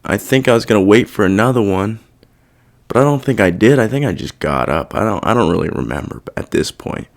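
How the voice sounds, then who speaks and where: A man's voice: fairly low pitch, lively intonation, brisk, gravelly. A young man hosting a podcast, talking through his feelings in a rambling, self-reflective and heavily profane casual monologue. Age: young adult. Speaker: podcast host.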